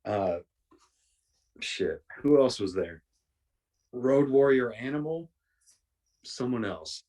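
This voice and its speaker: A man telling profane, rambling anecdotes in a casual podcast chat, slipping into quick impressions of other people. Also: medium pitch, animated, dark tone, recorded from a distance. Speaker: podcast guest.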